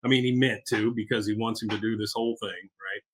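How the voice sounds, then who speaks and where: A man co-hosting a podcast, recapping an episode in casual, animated chat. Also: on the low side, quick pace, breathy edge. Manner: animated, acts out quotes. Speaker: podcast co-host.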